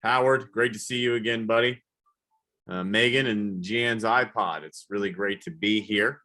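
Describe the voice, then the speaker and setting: A man doing a rambling, self-deprecating stand-up comedy set, now and then yelling high whoops. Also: fairly even intonation, moderate pace. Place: comedy show, live virtual audience.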